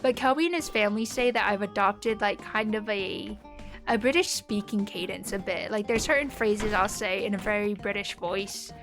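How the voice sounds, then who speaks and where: Music runs in the background as a young woman with a neutral American accent streams a game. She chats casually with viewers in a mid-range voice at a moderate pace, rambling and full of fillers.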